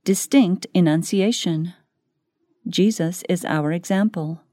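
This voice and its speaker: A woman reading a devotional book aloud in scripted narration, slow and measured. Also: lowish voice, dark tone, dry recording, clean studio sound. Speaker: audiobook reader.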